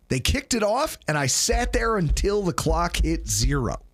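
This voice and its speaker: High-pitched guy, super animated, swings all over when he tells a story. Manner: animated, excitable storyteller who acts out quotes. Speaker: podcast co-host. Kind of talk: casual chat.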